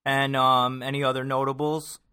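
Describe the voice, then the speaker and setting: Male podcast host, rambling and teasing, bright forceful tone. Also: medium pitch, flat delivery, normal speed, smooth. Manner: rambling, teasing, pushing for energy. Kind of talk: casual sports chat.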